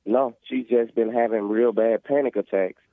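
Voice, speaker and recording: Calling in to a talk show, a man holds a steady tone at a moderate pace while he preaches earnestly about faith and family, wandering and restarting along the way. His mid-range voice comes through a tinny, dry phone with no echo.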